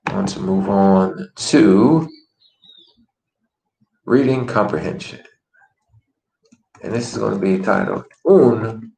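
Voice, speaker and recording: Deep-voiced man teaching a language lesson. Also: slow pace, vocal fry, long pauses, warm tone, reverberant, a little hiss or hum, poor audio. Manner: earnest, coaching and encouraging.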